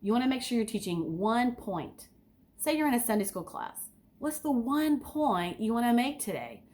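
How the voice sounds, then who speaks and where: A woman's voice: fairly high pitch, normal speed. An enthusiastic woman giving an instructional talk as a speaking coach, asking her listeners direct questions. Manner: enthusiastic, sometimes overly excited.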